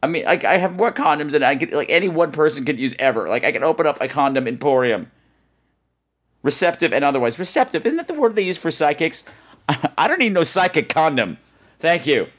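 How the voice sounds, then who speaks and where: A man hosting a podcast, telling a funny story with animated, exaggerated delivery and quick asides. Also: a little high. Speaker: podcast host. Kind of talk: comic storytelling.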